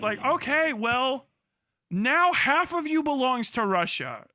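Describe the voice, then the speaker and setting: A man's voice: extremely high pitch, takes it slowly, slight background noise. A man streaming live who gives crude, incredulous reaction commentary, swearing constantly and exclaiming in disbelief. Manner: profane, incredulous, animated. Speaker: livestreamer.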